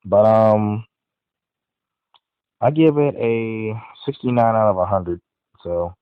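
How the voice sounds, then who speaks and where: A man's voice: lowish voice, no room sound. A man hosting a podcast, giving a casual, rambling movie review full of fillers and restarts. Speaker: podcast host. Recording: tinny phone-like sound.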